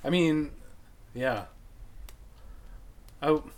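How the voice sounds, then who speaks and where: A man's voice: a little high, drawn-out words. A man in casual conversation, talking hesitantly with many restarts. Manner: hesitant, restarts, laughs easily.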